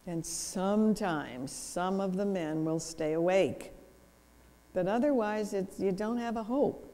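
A woman's voice: slow pace, mellow. Woman lecturing in a reverberant church hall. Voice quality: lowered professional speaking voice. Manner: explanatory, wry humor. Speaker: seminar speaker. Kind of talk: seminar talk. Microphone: handheld or lapel microphone.

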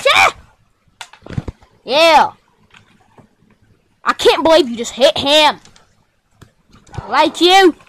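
A woman improvising a rowdy play-acted scene in many voices, shouting out and hurling insults. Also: high-pitched, very animated, drawn-out words, pauses often.

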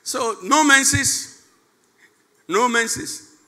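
A Nigerian man preaching in church as pastor, moving from soft storytelling to shouted, chanted prayer. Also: very high voice, extremely slow, long reverb tail. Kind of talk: sermon. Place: church service.

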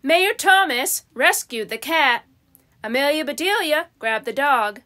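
A woman reading a children's storybook aloud in a plain, unhurried manner. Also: sits high, lively intonation, sharp tone. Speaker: storybook reader.

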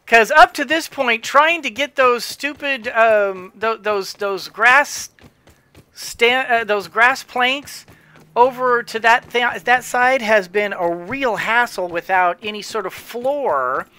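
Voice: mid-range voice, takes it slowly, sharp tone, clean tone. A gamer giving casual gameplay commentary, rambling with frequent restarts and chuckling to themself. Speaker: let's play gamer.

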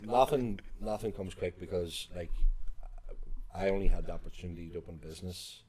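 A very deep-voiced man in his thirties, co-hosting a casual podcast. He tells stories in a loose, chatty way and laughs easily. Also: brisk, darkish tone. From Northern Ireland. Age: 30s. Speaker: podcast co-host, gym owner and personal trainer. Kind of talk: casual chat.

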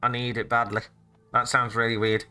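A man's voice: mid-range voice, flat delivery, moderate pace, pushed and bright, clean tone, faint music behind. A man doing jokey, rambling let's-play commentary with sudden exclamations as he plays. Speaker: gaming let's-play host. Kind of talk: casual gameplay commentary.

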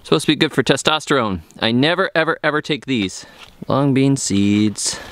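A man's voice: mid-range voice, expressive, normal speed, a bit bright, dry recording. A man chatting goofily and cheerfully in a casual vlog while planting seeds in an outdoor vegetable garden. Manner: chatty, goofy, upbeat. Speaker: gardening YouTuber.

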